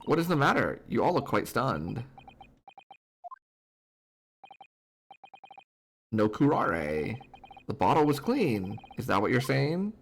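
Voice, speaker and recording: A man's voice: mid-range voice, big pitch swings, normal speed, a little hiss or hum. A man voicing a haughty, scornful English woman villain in a video game, reading her lines in a disdainful, condescending way. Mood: smug.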